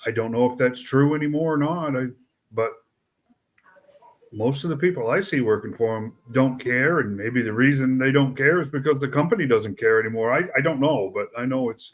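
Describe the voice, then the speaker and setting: A man's voice: mid-range voice, animated, moderate pace. Rambling man chatting. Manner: rambling, conversational, many fillers and restarts. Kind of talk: casual chat.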